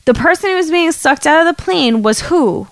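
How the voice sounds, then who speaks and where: High-voiced excitable woman podcaster. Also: normal speed, no room sound. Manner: excitable, swears casually, exclaims. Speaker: podcast co-host. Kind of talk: casual chat.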